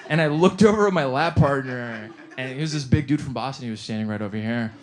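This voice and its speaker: A man doing stand-up, telling a story in an animated, profane way and laughing through his own lines. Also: a little high, a little fast. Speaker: stand-up comedian.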